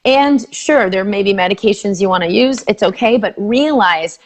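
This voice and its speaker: Middle-aged woman, mind-body doctor, animated interview talk, mid pitch. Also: normal speed. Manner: animated, acts out quoted voices. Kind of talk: guided tapping and casual interview talk.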